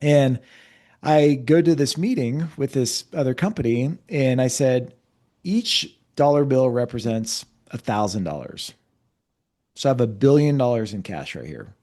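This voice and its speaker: This is a man with a mellow, relaxed voice, a guest on a podcast who explains finance through stories. He tells them in a lively way and acts out each exchange. His pitch sits in a middle range. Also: unhurried. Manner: lively anecdotal storyteller, acts out dialogue. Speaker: fractional CFO and keynote speaker, guest. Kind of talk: storytelling in an interview.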